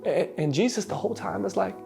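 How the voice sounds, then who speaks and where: A pastor preaching a sermon, rising to emphatic peaks and dropping soft, with many repeated, stammered starts. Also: male voice, sits high, expressive, quick pace, vocal fry, over music. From United States.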